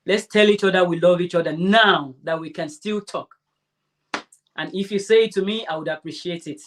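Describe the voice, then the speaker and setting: A woman hosting a crafting livestream, chatting casually and warmly answering her viewers' comments. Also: on the low side, moderate pace. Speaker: crafting channel host.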